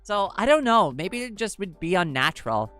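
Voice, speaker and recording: With soft music playing behind her, the young livestream host talks at a moderate pace in a mid-range, slightly bright and very animated voice that has an androgynous quality. She answers her chat casually, rambling and filling her speech with fillers.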